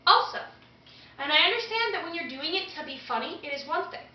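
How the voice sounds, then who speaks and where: High-voiced teen girl, echoey lo-fi room. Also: expressive, fairly quick, a little hiss or hum. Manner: giggly, acts out quotes. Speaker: co-host. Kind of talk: casual chat. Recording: echoey room, distant mic, dull lo-fi.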